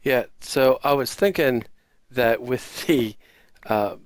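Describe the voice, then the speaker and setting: A man's voice: mid-range voice, slow pace, no echo. An American man hosting a casual Minecraft video, rambling with many fillers and self-deprecating asides. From United States. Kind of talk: casual gameplay commentary.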